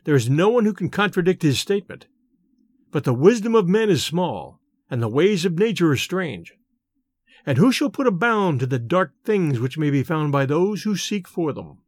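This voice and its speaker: A man reading a classic ghost story aloud in a measured, expressive way and hosting the show. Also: a little high, no echo, studio quality. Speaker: narrator and podcast host.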